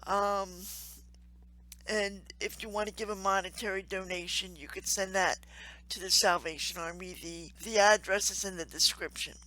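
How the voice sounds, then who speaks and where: A woman hosting her own channel, speaking earnestly and warmly to camera, with frequent ums and soft laughs. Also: mid-range voice, fairly even intonation, moderate pace, poor audio. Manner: earnest, heartfelt, with many ums and gentle laughs. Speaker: crafts channel host and Salvation Army volunteer. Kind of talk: casual to-camera appeal.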